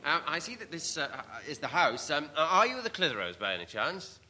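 An actor playing a hesitant, polite gentleman who ums and stammers, in an old radio sitcom. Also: a little high, big pitch swings, brisk, noisy background. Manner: hesitant, umming. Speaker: visitor returning a purse. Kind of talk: 1950s radio sitcom acting.

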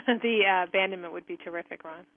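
A woman's voice: fairly low pitch, fairly quick, no echo. A woman hosting a radio talk show, friendly and organized, giving listeners reminders. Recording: tinny phone line.

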